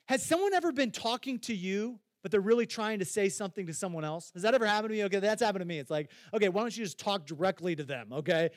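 A man's voice: high-pitched, expressive, quick pace, few pauses, no echo, clean studio sound. A man preaching a sermon as a pastor, talking conversationally, putting questions straight to his listeners and repeating phrases for emphasis.

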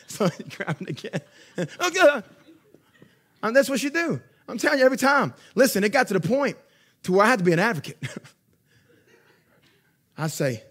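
A young pastor with a fairly high voice delivers an animated sermon. He preaches conversationally, swinging from loud, emphatic peaks down to hushed asides, and chuckles as he tells stories. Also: normal speed, long pauses. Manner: laughs while telling stories.

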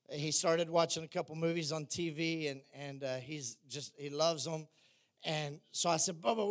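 A man delivers a sermon, his voice sitting fairly high for a man. He preaches in a chatty, storytelling way and pokes fun at himself as he goes. He sounds like he is in his thirties. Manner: storytelling, chatty, self-deprecating humor.

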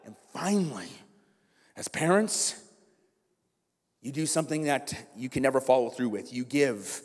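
A man's voice: mid-range voice, big pitch swings, unhurried, long pauses. A man preaching a sermon as pastor, conversational and humorous, often checking in with his listeners. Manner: humorous, conversational, keeps asking "right?". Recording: long reverb in a big hall.

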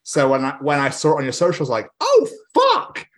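A man's voice: medium pitch, fast. A man co-hosting a casual podcast, enthusiastic and laughing. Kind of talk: casual chat.

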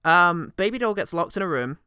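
A man co-hosting a casual film review podcast, sardonic and quick to laugh. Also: high voice, clean tone, no echo, clean studio sound. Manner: sardonic, animated, laughs often.

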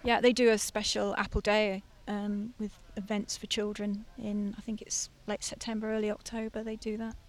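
A woman's voice: mid-range voice, little pitch movement, normal speed, few pauses. A woman author guest on a podcast, explaining her ideas with enthusiasm in casual chat.

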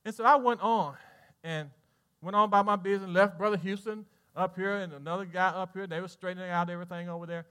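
A male pastor, preaching a sermon and telling a story with lively animation. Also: sits high, quick pace, clean tone. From Southern United States. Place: church sanctuary.

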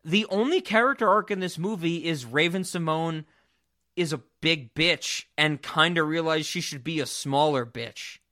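A man co-hosting a podcast, chatting casually about a movie, joking and animated. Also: on the high side, normal speed. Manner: animated, jokey, breaks into loud yelling bits. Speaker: podcast co-host. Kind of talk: casual movie-review chat.

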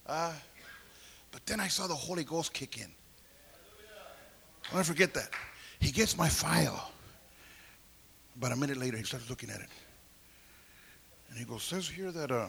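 A preacher gives his testimony as a sermon, voicing each person in the story and building up to shouts. His high voice is gravelly with a bright, husky edge, and he speaks animatedly at a moderate pace, pausing often.

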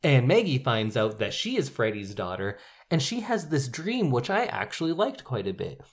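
Brief: wry podcast co-host, casual movie chat, pitch swings widely. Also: sing-song, moderate pace.

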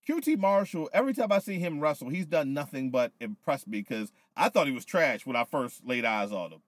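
A man's voice: fairly high pitch, a little fast, no room sound. Loose, profane man recapping wrestling. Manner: loose, profane, animated storytelling. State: tipsy from whiskey. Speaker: podcast co-host. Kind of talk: casual wrestling recap chat.

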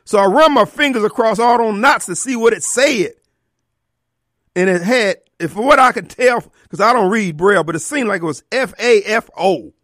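A man hosting a radio show, telling a comic story with an animated, exaggerated delivery and sudden outbursts. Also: high-pitched, normal speed, dry recording, studio quality. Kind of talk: comedic storytelling.

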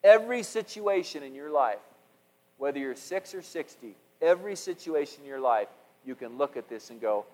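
A middle-aged man preaching a sermon as pastor, animated, with repeated words and restarts, swinging from loud passages to hushed ones. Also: on the high side, normal speed, big-room sound, poor audio.

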